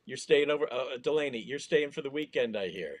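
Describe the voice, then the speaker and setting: A man's voice: mid-range voice, expressive, brisk. A male comedian in casual podcast chat, teasing the others dryly.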